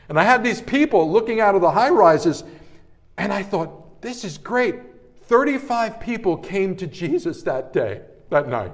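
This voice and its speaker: Male pastor, middle-aged, slightly high voice, animated sermon delivery with hushed and loud swings. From New Jersey area, Italian-American family. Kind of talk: sermon with personal storytelling.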